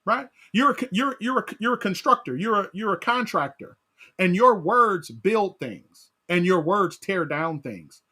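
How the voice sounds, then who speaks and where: A man leading a Bible study as pastor, animated, asking his class questions and often tagging on "right?". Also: high voice, moderate pace.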